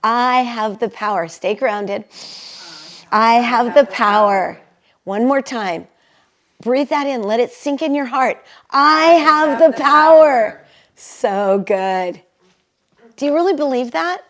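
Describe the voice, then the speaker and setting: A woman's voice: fairly high pitch, takes it slowly. A middle-aged woman leading a live wellness workshop, chatty and laughing often as she guides the group through affirmations. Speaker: workshop leader and energy healer.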